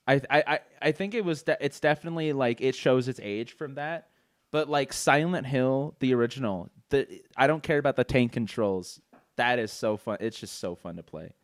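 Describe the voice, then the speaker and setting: A man's voice: medium pitch, no room sound, studio quality. A young man hosting a casual podcast chat, rambling with stammered restarts. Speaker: podcast host.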